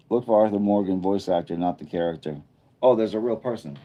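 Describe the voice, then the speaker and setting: A man hosting a casual live stream from an indoor room lit by a bright studio light, chatting and thinking aloud as he reads viewer comments. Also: lowish voice, fairly quick, dull audio. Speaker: livestreamer.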